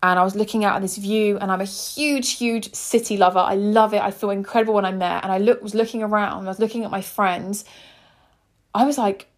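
A woman's voice: mid-range voice, steady tone, fairly quick. A woman in her twenties, hosting a podcast and telling a personal story in an earnest, heartfelt, chatty way. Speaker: podcast host.

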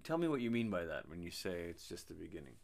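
A man in a casual Bible discussion, attentive, murmuring agreement and asking halting, restarting questions. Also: sits low, big pitch swings, gravelly, a little mellow. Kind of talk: conversational Bible study.

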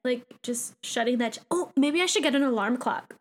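A young woman co-hosting a casual chat podcast, rambling in a chatty way with lots of fillers and quick laughs. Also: high voice. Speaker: podcast co-host.

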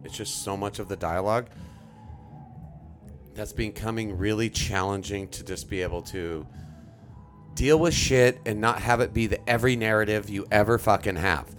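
Fired-up low-voiced man ranting on radio. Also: normal speed, faint music behind. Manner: passionate, profane ranting. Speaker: podcast co-host. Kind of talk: casual radio chat.

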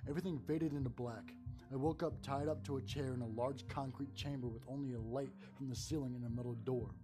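A man reading a first-person horror story aloud in a calm narrating voice. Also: medium pitch, a little fast, over music.

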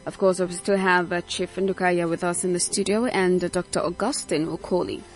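Female radio host, brisk presenter, lower voice. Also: fairly even intonation, soft background music. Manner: brisk, steering the conversation. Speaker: radio talk show host. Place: radio studio.

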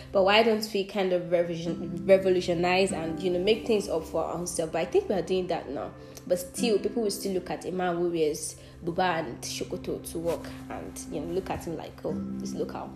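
Young Nigerian woman, earnest podcast monologue. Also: fairly low pitch. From southwestern Nigeria. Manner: earnest, reflective, self-correcting with frequent restarts. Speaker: podcast host. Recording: echoey room with music behind.

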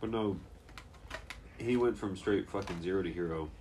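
Young guy, very low pitch, casual swearing storyteller, faint noise behind. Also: normal speed. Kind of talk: casual chat.

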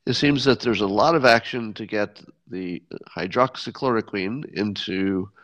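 A man's voice: on the low side, unhurried, a bit bright. A man hosting a podcast in casual solo commentary, wry and sardonic, often restarting sentences. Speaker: podcast host. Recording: dull lo-fi sound.

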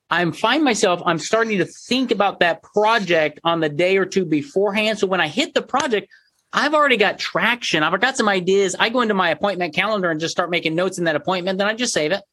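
A man's voice: high voice, pushed and bright, no echo. A man hosting a podcast, chatting in a chummy, jokey way with his guest. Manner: chummy and jokey, calls guest buddy and dude. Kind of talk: casual chat.

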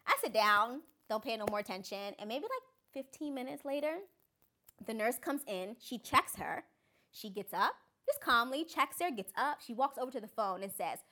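A woman's voice: fairly high pitch, moderate pace. A young adult woman, a guest author, telling stories in a casual chat and acting out what other people said. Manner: animated, acts out other people's lines. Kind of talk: casual storytelling.

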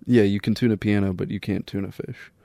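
A man's voice: lowish voice, fairly even intonation, brisk, vocal fry, mellow, no room sound. A young man co-hosting a podcast, trading casual comedic banter and laughing often. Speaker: podcast co-host.

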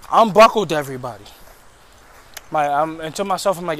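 Walking a city street at night, a male vlogger rants profanely to viewers about his job, recorded on a handheld phone. His voice is high-pitched, bright and forceful, and he talks a little fast in this casual storytelling vlog.

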